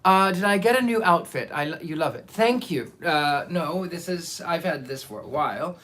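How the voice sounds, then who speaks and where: A man hosting a live storytelling stream talks at a normal speed in an animated, slightly high voice with a fairly bright tone. Before reading a book aloud, he chats theatrically with his viewers and welcomes them by name.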